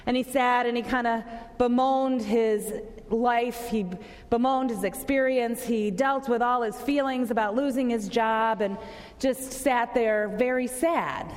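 A woman's voice: a little high, fairly even intonation, measured pace, long reverb tail. A woman pastor giving a conversational sermon to a congregation, asking them questions.

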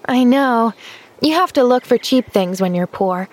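A woman reading an audiobook, voicing a cheerful, eager and polite little girl who chatters brightly. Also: fairly high pitch, animated, unhurried, pitched above the performer's own voice.

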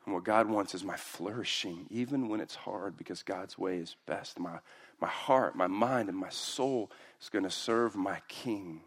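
A man preaching a sermon as pastor, acting out quoted voices with big jumps in pitch. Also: unhurried, husky.

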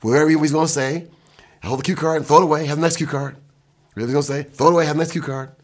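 An older man from Michigan, a music producer, telling animated stories in casual talk from his recording studio. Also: a little high. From Michigan, USA. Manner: animated anecdotes, quick bursts, mimics and scats.

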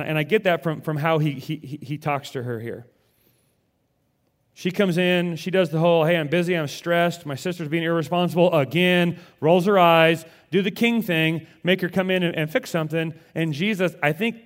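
A male pastor preaching a conversational sermon with animated delivery, often repeating words as he goes. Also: fairly high pitch.

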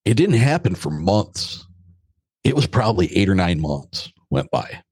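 A man's voice: deep voice, big pitch swings, measured pace, darkish tone, husky, dry recording. A middle-aged American man, a podcast guest, telling a story in a casual, blunt and joking way, with some mild swearing.

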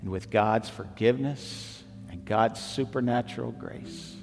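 A man preaching a sermon as pastor, slow and emphatic, rising at times to near shouting. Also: mid-range voice, creaky. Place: church sanctuary. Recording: long hall reverb, faint music behind.

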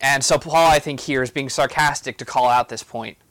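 A man's voice: mid-range voice, normal speed, fairly bright tone, dry recording. A man giving a casual, explanatory Bible teaching on a podcast, with frequent fillers and restarts. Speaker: campus ministry podcast teacher.

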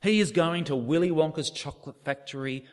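A man's voice: a little high, fairly quick, long reverb tail. A man preaching a sermon, asking rhetorical questions and dropping to near-whispers for effect.

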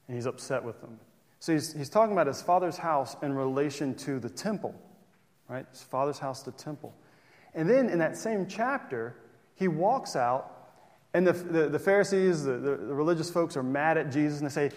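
A man's voice: a little high, lively intonation, normal speed, darkish tone. A man preaching a sermon as pastor, conversational and full of rhetorical questions. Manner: conversational, asks rhetorical questions, restarts phrases. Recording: long hall reverb.

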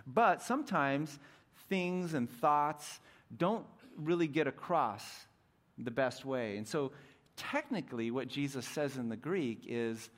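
A young adult man preaching a sermon as pastor, animated, dropping to soft intimate tones at times. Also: mid-range voice, slow.

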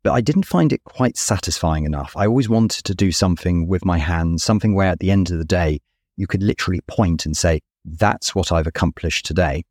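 A man in his thirties telling a story in an interview, with a warm, anecdotal manner and wry asides. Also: deep voice, animated, fairly quick, no echo, studio quality. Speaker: guest, watch company founder.

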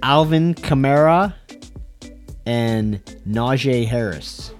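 A man's voice: mid-range voice, slow, soft background music. Joking man co-hosting a betting show. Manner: joking, teasing. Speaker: podcast co-host. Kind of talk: casual sports betting chat.

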